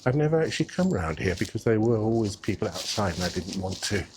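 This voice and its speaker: Speaking fast in a sing-song way, this fairly low-voiced vlogger strolls the city while filming and offers casual walking-tour commentary. He thinks out loud and calls his viewers "guys," talking into a mic clipped beneath his coat as soft street sounds drift in.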